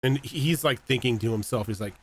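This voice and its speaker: A man's voice: mid-range voice, brisk, breathy edge. A man playing a tabletop game, talking loosely with lots of fillers. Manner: loose, filler-heavy chat. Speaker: player.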